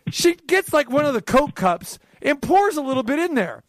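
Male radio host, high-pitched and lively, casual storyteller who acts out quotes; dry studio sound. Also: fairly quick, dry recording. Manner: animated storyteller acting out quoted dialogue.

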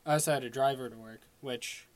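A man's voice: mid-range voice, steady tone, fairly quick. A young man from Long Island talking in a casual solo podcast, rambling with lots of fillers and restarts. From Long Island, New York. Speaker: podcast host.

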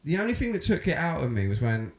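A man co-hosting a podcast, rambling in casual chat and slipping into loud impressions. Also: on the high side, quick pace, roomy sound. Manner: rambling, animated, breaks into shouted impressions. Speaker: podcast co-host.

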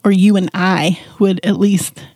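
Podcast co-host, middle-aged woman, mellow tone, nervous rambling, odd made-up twang, dry close sound. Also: medium pitch, steady tone, a little slow, dry recording. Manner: nervous, rambling with many restarts. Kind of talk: casual chat.

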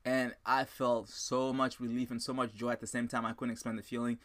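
A man hosting a podcast, telling a motivational story in an animated, excitable way and talking straight to his listeners. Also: mid-range voice, fairly quick. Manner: animated, excitable, repeats himself, addresses listeners as guys. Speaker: podcast host.

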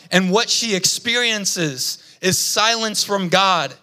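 High bright-voiced pastor preaching. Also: male voice, takes it slowly, hardly any pauses. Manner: lively storytelling with congregation call-outs. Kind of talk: sermon. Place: church.

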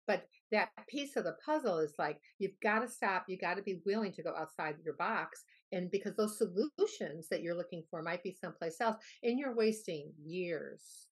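A woman with a fairly low voice talks loosely and at length as an interview guest. She wanders through her stories and acts out the people in them. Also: lively intonation, moderate pace, hardly any pauses, husky. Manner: rambling storyteller, acts out quoted voices. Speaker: guest health expert. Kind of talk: casual interview chat.

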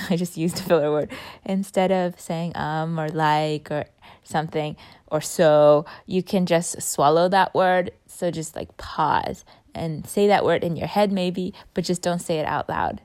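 A young woman chatting casually about a speaking workshop, full of fillers and trailing softly off at the ends. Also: deep voice, a little slow. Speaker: vlogger recapping a speaking workshop. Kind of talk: casual chat.

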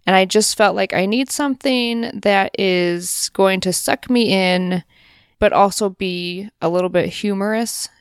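Brief: woman podcast co-host, smooth clean voice, dry sound, chatty and upbeat. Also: mid-range voice, a little slow, dry recording. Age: adult parent. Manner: chatty, enthusiastic, lots of fillers. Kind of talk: casual chat.

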